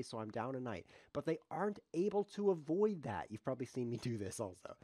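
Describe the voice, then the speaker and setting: A man commentates his own chess games on a live stream, cracking jokes at his own expense. His pitch swings up and down freely, and he drops to a quiet mutter while he weighs a move. The sound is close and dry, with no room behind it. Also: no room sound. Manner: joking, self-mocking, animated; mutters quietly while thinking over moves.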